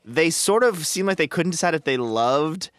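A man in his thirties co-hosting a podcast, telling stories in an animated, casual way full of fillers. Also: fairly high pitch, normal speed, no room sound, clean studio sound. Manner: animated, filler-heavy storytelling. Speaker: podcast co-host. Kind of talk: casual chat.

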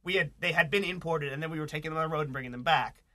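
A podcast co-host who is a man, retelling an exasperating travel story in a quick, animated way with lots of "like". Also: fairly high pitch.

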